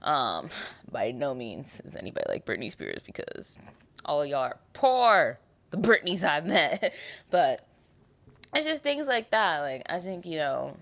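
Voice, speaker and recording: Young woman host, lower voice that swoops widely, chatty solo podcast ramble. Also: measured pace, creaky. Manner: chatty, animated, lots of "like" and asides. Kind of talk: casual solo podcast chat.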